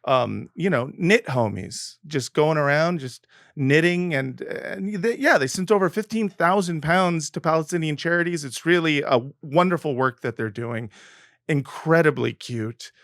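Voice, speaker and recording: Rambling jokey podcast guy, kinda high voice, dead dry sound. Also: unhurried, a bit bright, no room sound. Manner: jokey, rambling, lots of fillers. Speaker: podcast co-host. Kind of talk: casual comedic podcast chat.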